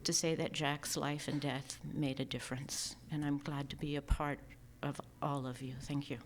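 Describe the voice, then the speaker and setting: A woman giving a personal remembrance speech at a memorial, speaking softly and emotionally, sometimes dropping to a whisper. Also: low-pitched, flat delivery, moderate pace, noisy background. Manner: soft and emotional, partly whispered.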